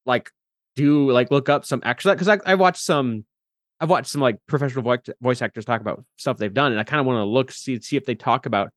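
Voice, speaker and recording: A man chatting casually as a podcast co-host, animated and laughing often, sometimes trailing off mid-thought. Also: medium pitch, fairly quick, no echo, studio quality. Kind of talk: casual chat.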